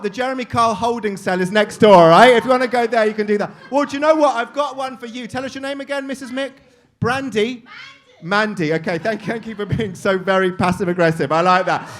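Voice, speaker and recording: A man hosting a live comedy show, teasing the audience with crude, quick-witted crowd work. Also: sits high, fairly bright tone, slight background noise. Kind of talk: crowd-work stand-up banter.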